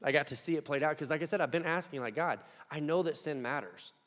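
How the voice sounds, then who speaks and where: A young man preaching a conversational sermon, dropping to quiet asides and rising to loud, emphatic peaks. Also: fairly high pitch, quick pace. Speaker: pastor. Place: church hall. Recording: long hall reverb.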